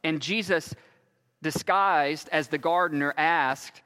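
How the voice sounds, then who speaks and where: A man preaching slowly and earnestly, leaving long pauses between phrases. His voice sits a little high for a man. The sound carries a long hall reverb. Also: a bit bright. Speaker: pastor. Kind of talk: sermon.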